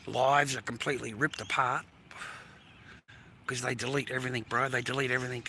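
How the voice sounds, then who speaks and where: A man's voice: on the low side, bright, forceful tone, a little hiss or hum. An Australian man rambling through a live-stream monologue, swearing constantly and sounding aggrieved, outdoors in an industrial area. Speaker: livestreamer.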